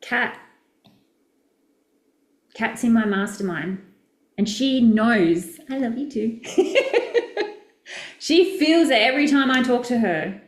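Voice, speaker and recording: A woman's voice: fairly high pitch, expressive, slow, long pauses, echoey room. A woman, a business coach, chatting casually and effusively with viewers during a live session, rambling and correcting herself as she goes.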